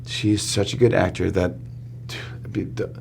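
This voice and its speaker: Gravelly man telling a lively story. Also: low-pitched, unhurried, a little hiss or hum. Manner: excitable, laughs often, acts out quotes. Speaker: talk show host as guest. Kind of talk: animated storytelling interview. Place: studio.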